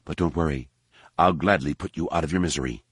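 A man voicing a malevolent female alien assassin who speaks in a low, menacing, gloating way. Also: fast talker, fairly bright tone, slightly rough, no echo, clean studio sound, full character voice. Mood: gloating menace.

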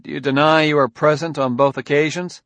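A man voicing a shrewd male detective who presses a suspect in a firm, measured, needling way. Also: a little high, fairly even intonation, fairly bright tone, dry recording, voice pushed up. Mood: probing.

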